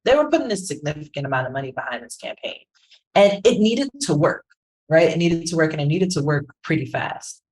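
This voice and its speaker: Woman podcast co-host, animated, conversational, slightly low voice. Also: fairly quick, low-quality recording. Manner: animated, keeps asking "right?". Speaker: podcast co-host, branding professional. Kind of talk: casual conversational commentary.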